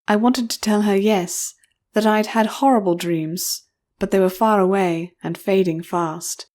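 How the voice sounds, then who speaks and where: A woman narrating an audiobook in the first person, her voice in an ordinary middle register. She tells the story in a measured, expressive way. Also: mid-range voice.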